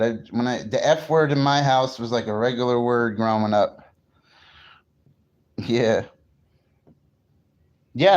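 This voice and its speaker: A man's voice: mid-range voice, dull audio. A man from New Jersey chatting casually on a morning livestream, greeting viewers and swearing freely. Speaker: livestream host.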